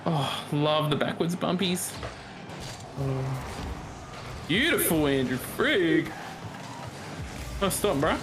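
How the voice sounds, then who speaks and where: A man giving excited, joking commentary while playing a game with a friend, throwing in mock-British slang. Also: a little high, slow, pauses often, music in the background. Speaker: gamer streaming with a friend.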